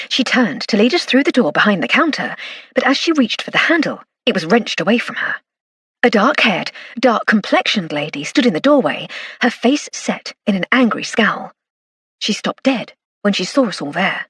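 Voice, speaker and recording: A woman reads a first-person cozy mystery with arch, dry wit, her pitch moving in a lively way. Her voice is slightly husky and the sound is dry and close. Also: normal speed, no echo. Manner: arch, dryly witty. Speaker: audiobook narrator.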